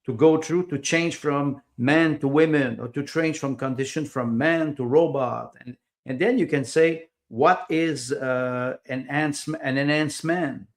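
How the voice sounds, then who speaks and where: A man's voice: fairly high pitch, measured pace. A man speaking as a podcast guest in casual conversation, hesitant, with many fillers and repeated words, and small grammar slips of a second-language English speaker.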